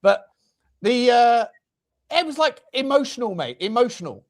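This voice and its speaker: Man, high voice, casual football chat, swears a lot. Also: normal speed. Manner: swearing, animated storytelling. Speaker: host of a football fan show.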